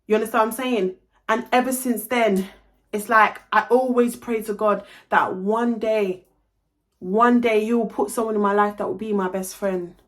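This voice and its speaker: A woman's voice: mid-range voice, steady tone, normal speed. A young woman telling a storytime vlog, emphatic, swearing freely and slipping into Caribbean slang. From London. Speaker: vlogger.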